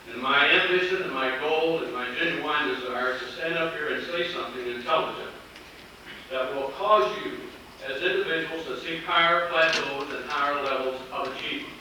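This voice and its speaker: A man's voice: fairly high pitch, bright, forceful tone, a little hiss or hum. Folksy man speaking in an echoey hall. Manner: folksy storyteller, earnest and encouraging. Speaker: sales executive speaking at a company meeting. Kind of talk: motivational speech with folksy jokes. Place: large meeting hall. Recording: echoey hall, heard from a distance.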